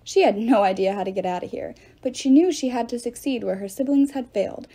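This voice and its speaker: A woman reading a novel aloud, in an expressive storytelling manner. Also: on the high side, fairly quick. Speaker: audiobook reader.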